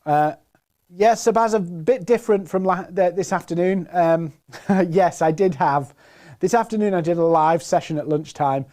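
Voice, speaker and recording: A man's voice: high voice, normal speed, dark tone. A man from the north of England hosting a live online sales webinar, chatting and greeting viewers by where they are from. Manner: chatty, reads out viewers' names and places. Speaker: webinar host. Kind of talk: live-stream webinar intro. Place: presenting from a home set-up in Plymouth.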